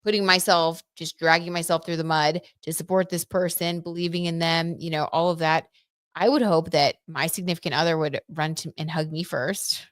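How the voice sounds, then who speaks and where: A young woman hosting a casual tarot livestream, chatty and animated, full of fillers and asides to her viewers. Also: deep voice, normal speed, no echo, studio quality. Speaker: tarot reader and livestream host.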